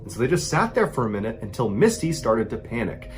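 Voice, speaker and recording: A man narrating a true scary story, dramatic, dropping to a hush and rising to excitement. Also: medium pitch, fast. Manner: dramatic, swings from hushed to excited. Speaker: storyteller host.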